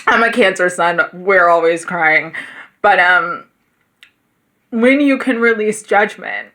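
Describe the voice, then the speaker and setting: A woman speaks with a bright, clear voice in an emotional spiritual talk, close to tears. She is earnest and encouraging, with warmth in how she reaches out to her listeners. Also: fairly low pitch, slow. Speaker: spiritual teacher. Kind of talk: heartfelt spiritual talk to camera.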